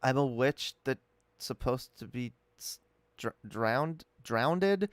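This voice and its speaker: A man's voice: mid-range voice, lively intonation, slow, slight background noise. A man giving casual, profane reaction commentary on a video, incredulous and rambling. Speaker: commentary streamer.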